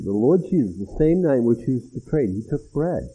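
Animated man preaching, husky and tinny. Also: fairly low pitch, fast talker. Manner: animated, acts out voices of the people in the text. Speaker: pastor. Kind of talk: expository sermon. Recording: tinny phone-like sound.

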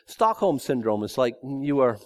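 A man's voice: medium pitch, big pitch swings, normal speed, a little mellow. A man preaching a verse-by-verse sermon in a conversational way, with joking asides and emphatic repetition. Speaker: pastor. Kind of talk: expository sermon.

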